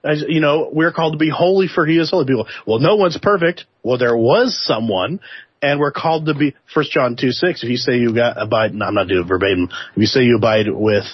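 Husky, animated man talking faith. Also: mid-range voice, fast, no room sound, lo-fi sound. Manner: animated, jokey, quotes others in voices. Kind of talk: casual faith discussion.

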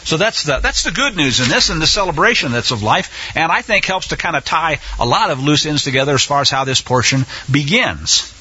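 Husky, animated male radio Bible teacher. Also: a little high, fairly quick, hardly any pauses, lo-fi sound. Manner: impassioned, indignant preaching with asides.

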